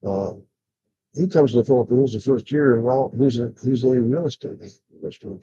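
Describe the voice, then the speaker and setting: Rambling older man, dark muffled voice. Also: mid-range voice, moderate pace, slightly rough. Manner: rambling, frequent fillers and restarts, blunt. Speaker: vlogger. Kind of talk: rambling livestream chat. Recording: dull lo-fi sound.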